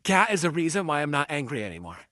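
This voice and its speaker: A man talking earnestly and a little haltingly in casual speech. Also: on the high side, sing-song, bright, forceful tone, dry recording, studio quality. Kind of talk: casual heartfelt talk.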